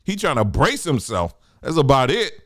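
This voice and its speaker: A man in a Black talks through a casual podcast monologue, joking and wandering into asides. His pitch swings up and down expressively. The recording is close and dry, with no room sound. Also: big pitch swings, normal speed, no room sound. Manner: laid-back, joking, lots of asides and fillers. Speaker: podcast host.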